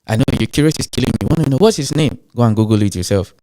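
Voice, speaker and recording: A male host with an African accent delivers emphatic commentary straight to his audience. His pitch swings widely from low to high as he fires rhetorical questions and waits for answers. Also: expressive, racing, mellow. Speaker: show host. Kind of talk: animated ranting commentary.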